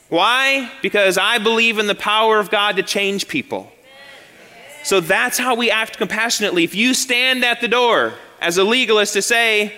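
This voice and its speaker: A man's voice: high-pitched, normal speed, bright, forceful tone, long reverb tail. A male pastor preaching a sermon to his congregation, repeating key phrases and asking rhetorical questions. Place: church sanctuary.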